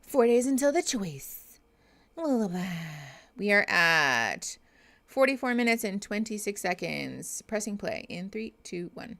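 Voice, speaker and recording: Woman therapist host, live reaction stream, unhurried delivery, chatty and laughs a lot. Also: medium pitch, very animated, creaky, a bit bright. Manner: chatty, laughs often, talks to chat. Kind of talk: casual live reaction chat.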